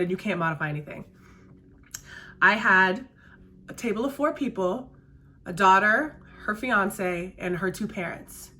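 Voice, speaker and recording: Speaking a little slowly with long pauses, this woman has a medium-pitched, sharp-toned, animated voice. A restaurant server by trade, she chats casually during her makeup routine, stressing her points and repeating key phrases.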